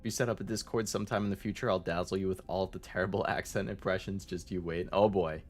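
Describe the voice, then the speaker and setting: A man's voice: low-pitched, steady tone, fast talker, faint music behind. A man streaming as a VTuber, chatting casually and rambling as he answers his chat, with many fillers.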